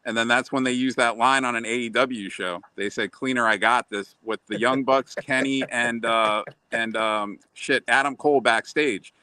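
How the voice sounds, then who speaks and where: A man's voice: mid-range voice, fairly even intonation, moderate pace, few pauses, pushed and bright, clear, resonant tone, dry recording. A man on a podcast rambling through a story as a wrestling fan, swearing freely. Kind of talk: casual storytelling.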